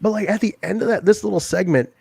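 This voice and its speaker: A man's voice: high voice, fast, creaky, a little mellow, slightly rough, no echo. A man hosting a casual wrestling review podcast, chatty and swearing freely, talking through a wrestling mask. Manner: chatty, swearing, laughs often. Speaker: podcast host. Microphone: wearing a wrestling mask over his face.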